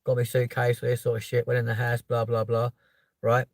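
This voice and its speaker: A man's voice: medium pitch, brisk, gravelly, no room sound. Man, London accent, thirties, casual storytelling, swearing, dry close sound. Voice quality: swears freely, tags lines with "right?" and "yeah?". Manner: animated, voice jumps up when quoting himself. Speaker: podcast host.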